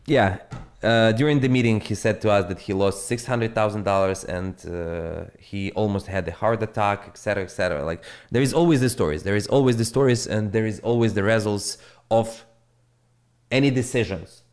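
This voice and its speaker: Blunt, profane crypto streamer. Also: male voice, lowish voice, fairly quick, a little mellow. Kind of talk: casual live-stream monologue.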